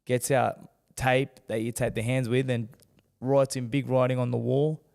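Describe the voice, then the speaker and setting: A man with a gravelly voice tells a story as a podcast guest, animated and acting out the people he quotes. His voice carries a long reverb from the room around him. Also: mid-range voice, normal speed. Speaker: guest, former world champion boxer. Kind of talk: candid storytelling in a podcast interview.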